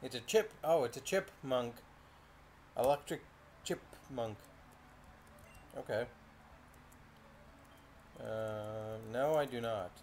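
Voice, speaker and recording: A man's voice: medium pitch, takes it slowly, pauses often, darkish tone, a little hiss or hum. A young man casually commenting on his own gameplay, reacting aloud and swearing often. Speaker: gaming video host. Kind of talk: casual let's-play commentary.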